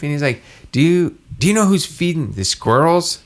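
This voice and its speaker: A man's voice: a little high, big pitch swings, a little fast, fairly bright tone. A man co-hosting a casual podcast, telling a rambling story and acting out the dialogue. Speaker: podcast co-host. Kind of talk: casual chat.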